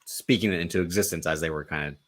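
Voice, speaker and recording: A man co-hosting a podcast, chatting casually about a TV show, peppering his talk with "like" and "um" and quick laughs. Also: low voice, a bit bright. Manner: laughs often, fills with um and like. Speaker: podcast co-host. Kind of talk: casual chat.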